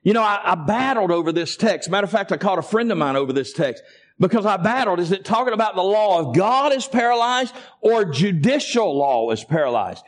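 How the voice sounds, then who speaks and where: A high-voiced male pastor preaching to his congregation. He calls out to the people in front of him and asks them to say amen. His delivery climbs steadily toward fervent, near-shouted peaks. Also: big pitch swings, brisk. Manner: preaching with a rising, impassioned build-up; calls to the congregation in a Southern US vernacular. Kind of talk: sermon.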